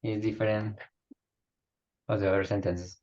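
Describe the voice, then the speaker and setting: A male student reads an example sentence and asks about it with some hesitation. His voice sits on the low side. The sound is dull and lo-fi, as over an online call. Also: level tone, normal speed, a little mellow. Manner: hesitant reading and asking.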